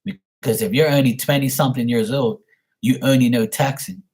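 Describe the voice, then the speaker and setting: A man's voice: medium pitch, moderate pace, a little mellow. A man in his forties chatting casually as a stream host, rambling through stories with plenty of swearing. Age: 40s. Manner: rambling, profane, storytelling. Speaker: stream host answering paid questions. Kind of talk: casual chat.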